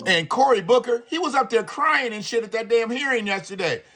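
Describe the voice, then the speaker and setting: A man hosting a live stream, ranting in a profane, animated way with laughing asides. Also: extremely high pitch, brisk, soft background music. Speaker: livestream host. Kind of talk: live commentary rant.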